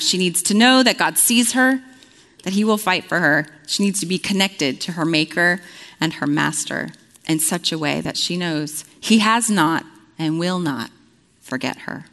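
A woman's voice: lowish voice, moderate pace, fairly bright tone, long reverb tail. A woman preaching a conversational sermon, earnest and storytelling, with frequent fillers.

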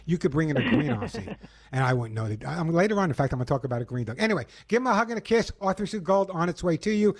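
A man's voice: on the high side, animated, very fast. A middle-aged man hosting a call-in pet radio show, chatty and enthusiastic with a joking manner.

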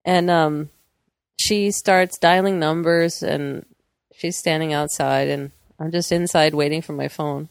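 Gravelly-voiced woman telling a story. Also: low voice, fairly even intonation, a little slow, no echo, studio quality. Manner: laughs often, acts out quoted voices. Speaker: podcast co-host. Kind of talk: casual storytelling chat.

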